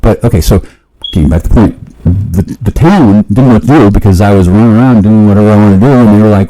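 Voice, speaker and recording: A man in a rambling, profane monologue, often restarting and jumping suddenly up in pitch. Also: quick pace, warm tone, low-quality recording.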